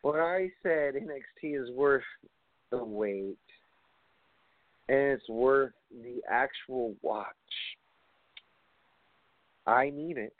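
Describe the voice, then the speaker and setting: A man with a mid-range voice hosts a wrestling podcast, rambling casually at a slow pace with long pauses, reading off long lists and swearing now and then. The sound is dry, with a tinny, phone-like quality.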